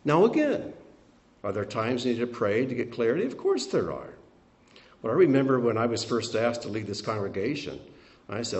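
An older man preaching a sermon as pastor, swinging between emphatic peaks and quiet, soft asides. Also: on the low side, lively intonation, normal speed.

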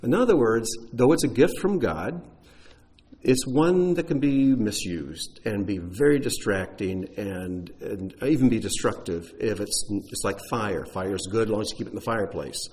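Low-voiced male pastor answering questions. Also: lively intonation, normal speed, darkish tone. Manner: conversational, explanatory, uses fillers and restarts. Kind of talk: congregation Q&A.

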